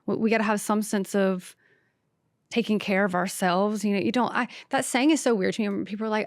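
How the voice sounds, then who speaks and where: A woman's voice: mid-range voice, fairly even intonation, moderate pace, no echo, clean studio sound. A woman from the American South with a light Southern accent, a stand-up comedian hosting her own podcast in a brash, sassy, self-mocking solo rant. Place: podcast studio.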